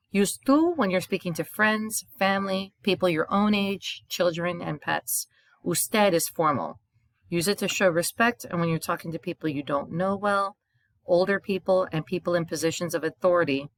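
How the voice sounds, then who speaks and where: A woman's voice: fairly low pitch, moderate pace, dry recording, clean studio sound. A woman teaching a recorded video lesson in a patient, explanatory way, reading short example dialogues aloud and translating them. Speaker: Spanish teacher.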